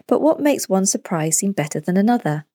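A woman narrating a children's story as the storyteller, in a clear and deliberate way. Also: medium pitch, big pitch swings, mellow, dry recording, clean studio sound.

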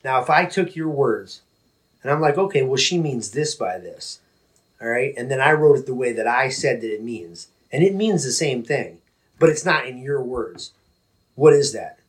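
A man's voice: medium pitch, animated, moderate pace, poor audio. A man in a casual faith discussion presses his argument insistently. He repeats and restarts phrases as he builds his case.

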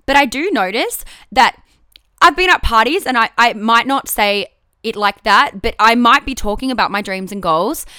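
A woman's voice: on the high side, expressive, moderate pace, pushed and bright, clean tone, no echo, clean studio sound. A woman hosting a casual solo podcast, talking candidly and swearing freely, with frequent restarts. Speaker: podcast host.

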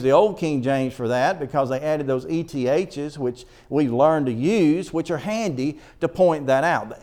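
Earnest man preaching, fairly high voice. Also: a little mellow. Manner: earnest, emphatic preaching that reads scripture slowly. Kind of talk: sermon. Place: church.

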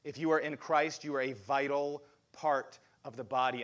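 Bright-voiced male pastor preaching. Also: medium pitch, normal speed, hardly any pauses. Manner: animated preaching with rhetorical questions to the congregation. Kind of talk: sermon.

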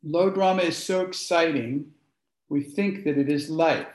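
A man's voice: on the high side, a little slow. A man leading a workshop, speaking informally and asking the group questions. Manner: conversational, asks the audience questions. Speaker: workshop leader. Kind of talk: informal teaching talk to a group. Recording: echoey room.

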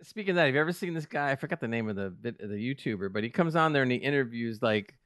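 A man's voice: medium pitch, lively intonation, racing, fairly bright tone, dry recording, clean studio sound. A man co-hosting a gaming podcast, chiming in with chatty remarks. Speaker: podcast co-host. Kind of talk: casual chat.

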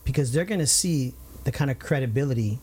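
A man hosting a community talk show, chatting casually and telling lively stories. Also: medium pitch, quick pace, slight background noise. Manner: lively storyteller, upbeat. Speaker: show host. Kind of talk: casual interview chat.

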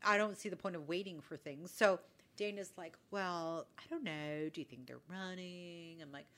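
A podcast co-host with a lowish, fairly bright voice chats casually at normal speed. As she tells a story, she acts out the quoted dialogue.

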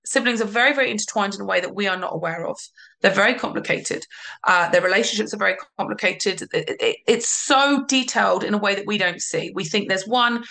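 Speaking briskly with a creaky, mid-range voice, a woman coaches parents in a podcast interview. Her explanations stay calm, and she repeats herself for emphasis.

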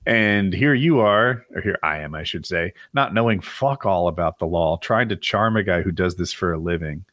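A man's voice: low-pitched, moderate pace, a bit bright, no echo, clean studio sound. A man chatting casually on a podcast, thinking aloud and laughing easily. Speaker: podcast co-host. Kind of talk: casual chat.

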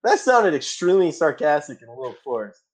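A man's voice: on the high side, big pitch swings, fairly quick. A man co-hosting a casual podcast, joking and teasing the others. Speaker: podcast co-host.

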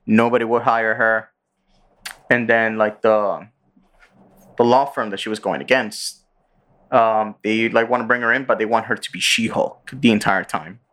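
A man's voice: fairly low pitch, steady tone, moderate pace, a bit bright. A man hosting a podcast, casually recapping a show with lots of fillers and acted-out quotes. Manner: rambling, filler-heavy, acts out character lines. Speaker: podcast host.

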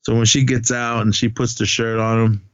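A man's voice: medium pitch, flat delivery, normal speed, no echo, highs cut off. A man with a son, chatting casually on a podcast as he retells a movie's plot, rambling, laughing often and acting out the characters' lines. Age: adult, has a son. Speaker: podcast co-host. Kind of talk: casual movie recap chat.

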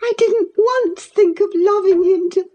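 A woman voicing a distraught teenage girl who pleads in high, breathless sobs. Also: measured pace, mellow, faint music behind. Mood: sobbing. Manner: high, breathless sobbing pleas.

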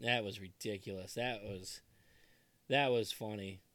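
A man in his thirties co-hosting a casual podcast chat, animated and laughing often, quoting movie lines in put-on voices. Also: fairly low pitch, unhurried, dry recording. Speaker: podcast co-host.

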